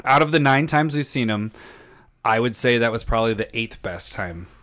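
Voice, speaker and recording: A man's voice: medium pitch, animated, normal speed, fairly bright tone. A young man co-hosting a podcast, chatting casually and laughing often through jokey banter. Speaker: podcast co-host. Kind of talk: casual chat.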